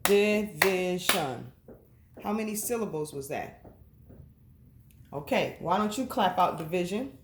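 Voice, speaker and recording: A woman teaching a reading lesson to children, speaking slowly and sounding out each syllable. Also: lowish voice, lively intonation, noisy background.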